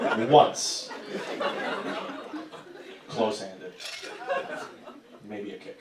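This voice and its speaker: A young man doing a stand-up comedy set, telling a story loudly and acting out the quotes. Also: on the low side, extremely slow. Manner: loud, animated storytelling with acted-out quotes. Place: comedy club stage. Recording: echoey club room, recorded from a distance, crowd noise. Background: audience laughing.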